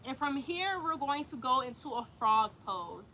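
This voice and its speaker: A woman's voice: high voice, lively intonation, normal speed, pushed and bright, a little hiss or hum. A young woman teaching an outdoor yoga flow, cueing breaths and poses with chatty, slangy asides to her viewers. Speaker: yoga instructor. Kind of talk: guided yoga instruction. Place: outdoors in light rain.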